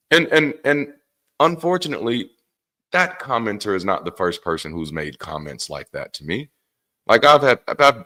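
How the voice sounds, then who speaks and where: A middle-aged man hosting a casual livestream, speaking candidly with plenty of swearing and animated rants. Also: on the low side. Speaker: host.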